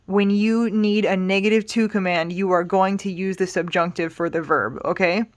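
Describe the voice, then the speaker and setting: A woman teaching Spanish grammar in a relaxed, explanatory way, patient and reassuring, thinking aloud with small fillers. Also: mid-range voice, moderate pace. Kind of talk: casual explanatory lesson.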